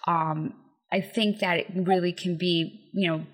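A woman's voice: on the low side, fairly even intonation, measured pace. A woman hosting a podcast interview, chatty and giggly, with lots of fillers. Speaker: podcast host. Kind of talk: casual interview chat.

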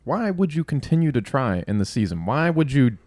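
A man co-hosting a podcast in casual chat, animated and profane. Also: medium pitch, a little fast, dry recording. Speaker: podcast co-host.

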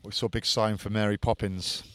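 A man's voice: on the low side, flat delivery, a little fast, dry recording. A man co-hosting a podcast, teasing and bantering in casual chat. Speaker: podcast co-host.

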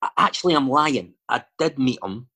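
A man's voice: mid-range voice, expressive, normal speed, pushed and bright, slightly rough. A Scottish man chatting casually as a guest, telling stories and wandering off into digressions with lots of fillers. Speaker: actor and filmmaker guest. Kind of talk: casual chat.

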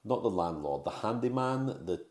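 Deep-voiced man recapping a film. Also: lively intonation, moderate pace. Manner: recounting plot with frequent fillers and self-corrections. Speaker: podcast co-host. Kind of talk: casual film-recap chat. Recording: roomy echo.

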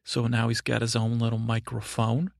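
Gentle, meandering sweetheart, as a podcast host puts him on; monotone, a bit of fry, close dry mic. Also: male voice, mid-range voice, moderate pace, no echo, close to an everyday voice. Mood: sweet. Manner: meandering, rambling and dull. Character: sweet, slow, gentle man named Ray. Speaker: recurring comedy character. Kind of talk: improvised comedy podcast bit.

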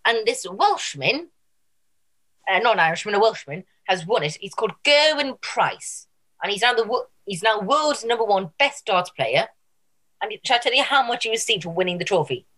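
A woman's voice: mid-range voice, expressive, moderate pace, a bit bright. A woman co-hosting a podcast in casual chat, jokey and rambling. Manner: jokey, rambling, puts on silly voices. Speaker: podcast co-host.

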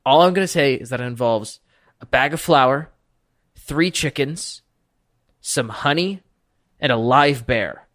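A gleeful young prankster, as a man puts him on, leaning in close and talking low and conspiratorially. His voice sits at an ordinary middle pitch as he lays out his scheme. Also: lively intonation, unhurried, pauses often, a bit bright, dry recording. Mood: scheming. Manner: conspiratorial, whispering asides.

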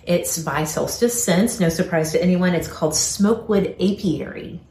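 A woman's voice: fairly low pitch, moderate pace, warm tone, echoey room. A woman co-hosting a podcast in casual chat, chatty and enthusiastic, laughing often. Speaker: podcast co-host.

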